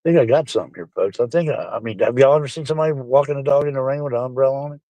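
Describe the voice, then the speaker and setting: A man's voice: medium pitch, racing, dark tone, dry recording, highs cut off. A middle-aged man, rambling casually and profanely to his live-stream chat, calling them folks.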